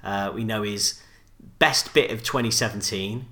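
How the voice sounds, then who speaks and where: A man with a bright, forward voice, co-hosting a relaxed podcast chat. He asks dry, teasing questions and laughs along with his partner. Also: fairly low pitch, normal speed. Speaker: podcast co-host. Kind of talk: casual chat.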